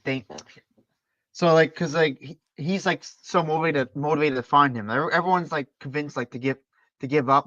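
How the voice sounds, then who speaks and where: A man's voice: fairly high pitch, a little fast, a bit bright, dry recording, highs cut off. A man in a casual film discussion, chatty and full of fillers like "like.". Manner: chatty, filler-heavy, backchannels a lot. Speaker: podcast co-host.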